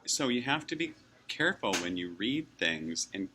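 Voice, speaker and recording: A man in his forties musing casually at a fast-food restaurant, rambling and chuckling often as he acts out what people say. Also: fairly low pitch, very animated, pushed and bright, slight background noise. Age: 40s. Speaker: vlogger.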